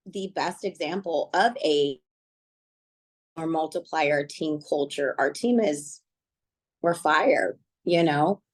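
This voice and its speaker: Middle-aged woman, low-pitched, sincere and reflective book club talk, halting with fillers. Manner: earnest, reflective, many fillers. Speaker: book club team member. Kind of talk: casual online group discussion.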